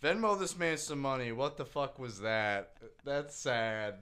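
A man's voice: mid-range voice, a little slow, sharp tone. Young male podcast co-host, loose and jokey, swears a lot, mid-range voice. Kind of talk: casual podcast chat.

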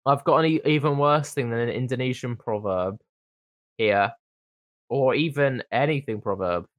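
A man's voice: mid-range voice, moderate pace, no echo, studio quality. A man in casual comedic chat, joking and laughing often while reading lines aloud in mock voices.

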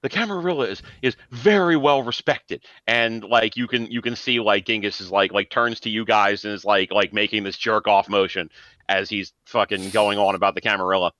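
A man's voice: fairly low pitch, flat delivery, brisk, pushed and bright, dry recording. A man narrating a tabletop role-playing game as game master, in a casual, rambling way, on a dull lo-fi recording.

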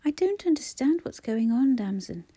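A woman's voice: high-pitched, very animated, normal speed, pitched above the performer's own voice. A woman reading a frantic, pleading brother. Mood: distressed. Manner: agitated, rising to near-shouts. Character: distraught young man pleading with his dying sister.

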